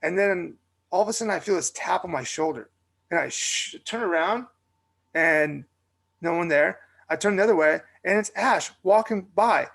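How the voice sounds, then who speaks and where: On a casual podcast, a young co-host spins an animated story at normal speed. His slightly high voice carries a gravelly fry, and he relies on fillers and restarts.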